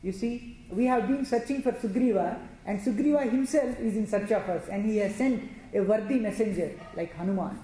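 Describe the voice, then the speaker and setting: A woman's voice: mid-range voice, normal speed, hardly any pauses, dark tone. A woman telling a devotional scripture story, chanting verses and explaining them line by line with many restarts. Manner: recites Sanskrit verses then explains them, with frequent restarts. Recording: very echoey room with faint noise.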